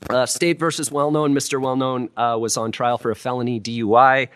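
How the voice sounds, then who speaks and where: A man's voice: medium pitch, steady tone, brisk, a bit bright, clear, resonant tone, no room sound, clean studio sound. A man, a criminal defense lawyer, talking casually and with self-deprecating humor on a live panel in front of law students. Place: law school lecture room with student audience.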